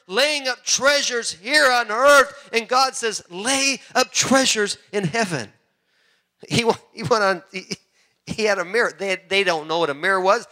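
A man from the United States preaching a sermon, telling animated stories with frequent restarts. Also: extremely high pitch. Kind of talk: sermon with storytelling.

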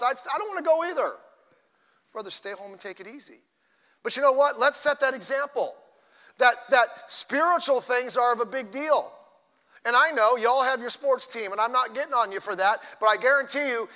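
Older preacher, high bright voice. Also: male voice, normal speed, pauses often, in a large hall. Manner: conversational preaching with asides and sudden loud bursts. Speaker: pastor. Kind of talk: sermon. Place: church sanctuary.

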